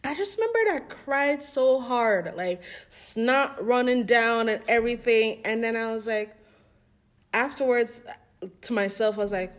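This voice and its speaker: Animated woman telling personal stories. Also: on the high side, measured pace. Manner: animated storytelling, acting out quoted voices with laughs. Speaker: podcast co-host. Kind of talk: casual podcast discussion.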